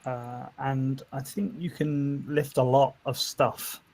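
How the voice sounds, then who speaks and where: A man's voice: mid-range voice, fairly even intonation, slow pace, darkish tone. A man running a tabletop game as game master, chatty, laughing often and thinking aloud.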